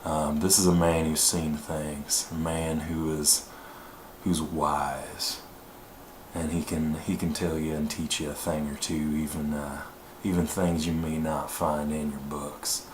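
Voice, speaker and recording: A man voicing a cunning, world-wise Cockney man who talks low and slow with quiet menace. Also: level tone. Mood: sly. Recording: echoey room, faint noise.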